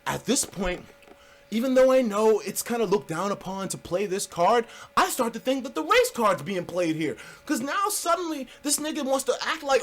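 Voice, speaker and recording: Guy ranting a story on his vlog, swears a lot, fairly high voice that jumps all over. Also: sing-song, moderate pace, a bit bright. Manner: profane, emphatic, heated. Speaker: vlogger.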